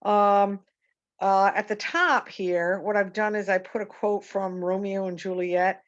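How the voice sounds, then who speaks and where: A woman's voice: medium pitch, fairly even intonation, a little slow, no echo, dull audio. A woman teaching an online poetry lesson, rambling and correcting herself with many fillers. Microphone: video call.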